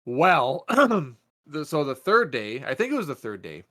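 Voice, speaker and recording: A man's voice: fairly high pitch, very animated, a little slow, pushed and bright. A man, co-hosting a podcast and telling a story in casual chat, swearing a lot and acting out quotes. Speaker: podcast co-host.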